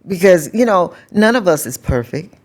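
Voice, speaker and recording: A woman's voice: lowish voice, animated, moderate pace. An older woman speaking as a guest in casual conversation, plainspoken and folksy, giving firm advice. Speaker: guest, host's mother.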